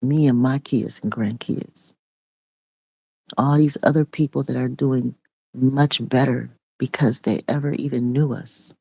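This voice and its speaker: A woman's voice: a bass voice, fairly even intonation, measured pace, vocal fry, mellow, breathy edge, no echo. A middle-aged woman and online preacher giving an impassioned spoken testimony in a repetitive, raw preaching cadence.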